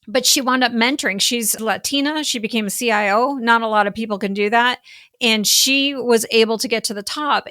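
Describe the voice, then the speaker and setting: A middle-aged woman, a business coach talking as a podcast guest, animated and full of "like" fillers. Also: fairly high pitch, dry recording, clean studio sound. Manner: animated, heavy use of "like" fillers. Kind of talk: casual podcast interview chat.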